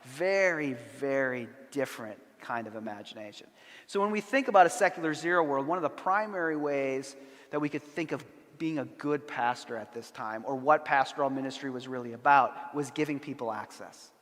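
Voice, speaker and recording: A middle-aged man giving a conference lecture, an animated storyteller with dry humor who acts out the people he quotes. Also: mid-range voice, moderate pace. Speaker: conference speaker. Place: large church sanctuary. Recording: long hall reverb.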